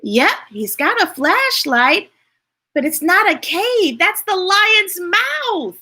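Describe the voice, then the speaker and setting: A woman reads picture books to children at a very slow, careful pace. Her voice sits high and swoops up and down as she plays along with the story. She keeps it playful and asks the little listeners questions. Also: very animated, sharp tone. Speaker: storytime reader.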